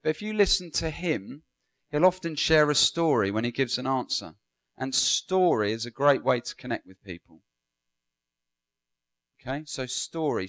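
A man's voice: a little high, a bit bright. A man giving a Bible school classroom lecture, engaging, asking students questions and praising their answers.

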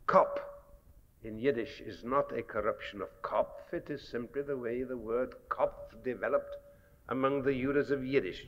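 A man giving a measured, scholarly public lecture, pausing often with fillers. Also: medium pitch. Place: lecture hall. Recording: dull archival 1960s lecture recording with long hall reverb.

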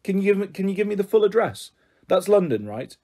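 A man voicing a cheerful, pushy mother who talks warmly and coaxingly in a storybook reading. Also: sits high, very animated, fairly quick, voice pushed up, exaggerated voice.

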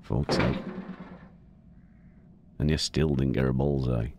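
A young man hosting a horror game let's play, deliberately keeping his voice low and quiet so he doesn't set off the mic, muttering casual, swear-laden commentary as he plays. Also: fairly even intonation, creaky, very noisy. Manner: hushed, talking low to keep quiet. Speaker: gaming channel host.

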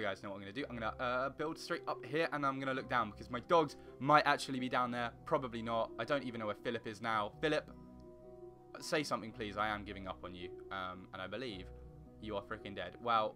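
A young man commenting on his own gameplay in a rambling, excitable way, breaking into panicky yelps. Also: medium pitch. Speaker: gaming channel host. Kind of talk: casual let's play commentary.

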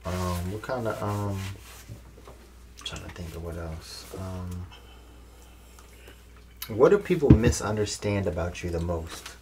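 A host asking short, quiet interview questions and murmuring agreement. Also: low voice, animated, a little slow, long pauses, noisy background.

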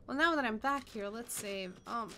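A woman's voice: on the high side, lively intonation, normal speed, bright, forceful tone, a little hiss or hum. A young woman doing horror game commentary, scared and swearing as she talks herself through it. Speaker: gaming streamer.

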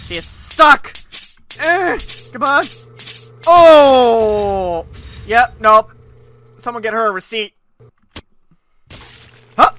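A gaming channel host does let's-play commentary, excitably yelling and swearing at the game. His voice sits in the mid range and moves slowly with long pauses, while soft music plays in the background.

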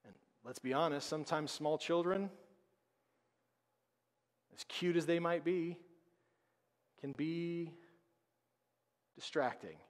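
A man preaching a sermon as pastor, conversational and emphatic, with dramatic pauses. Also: fairly high pitch. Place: church sanctuary. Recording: long reverb of a church hall.

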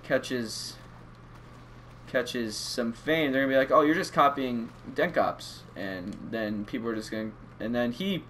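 A young man commentating a video game playthrough, excitable and rambling with lots of stammering restarts. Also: mid-range voice, a little slow, slight background noise. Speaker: gaming YouTuber. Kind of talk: let's play commentary.

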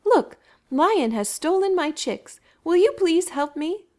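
A woman's voice: very high voice, lively intonation, slow pace, a little mellow, pitched above the performer's own voice, exaggerated voice. A woman voicing a worried mother ostrich in a children's storybook, pleading in a raised voice.

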